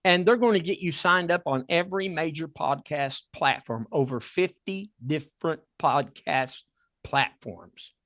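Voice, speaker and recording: Southern guy hosting a podcast, fairly high voice, gets excited, repeats himself a lot, dry close mic. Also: a little slow, no echo. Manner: excitable, repeats words and restarts. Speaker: podcast host. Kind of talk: casual chat with a sponsor plug.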